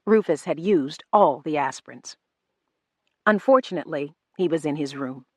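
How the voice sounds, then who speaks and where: A woman reading a novel aloud in first person, measured and restrained. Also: deep voice, lively intonation, a little mellow, no room sound. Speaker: audiobook narrator. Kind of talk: first-person audiobook narration.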